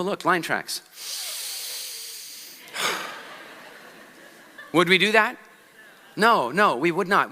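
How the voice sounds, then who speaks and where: Bright-voiced man speaking on a hall stage. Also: fairly high pitch. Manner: lively, asks the audience rhetorical questions. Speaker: conference speaker. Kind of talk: motivational stage talk. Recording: long hall reverb.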